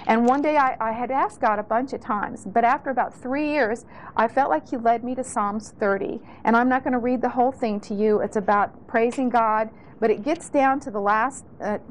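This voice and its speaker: A woman's voice: a little high, moderate pace, a little hiss or hum, low-quality recording. A middle-aged woman giving an earnest, heartfelt spoken testimony in a sermon, often restarting her phrases. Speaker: speaker sharing testimony.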